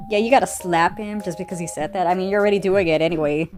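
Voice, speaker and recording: A woman's voice: on the low side, quick pace, few pauses, a little mellow, faint music behind. A woman reading a fan comic aloud, often stumbling over words and breaking off for sarcastic asides. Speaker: comic reader.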